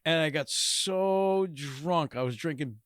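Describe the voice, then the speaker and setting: A man's voice: a little high, takes it slowly, fairly bright tone, dry recording, clean studio sound. A man hosting a podcast, chatting casually, joking crudely and laughing often. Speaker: podcast host. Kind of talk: casual comedic chat.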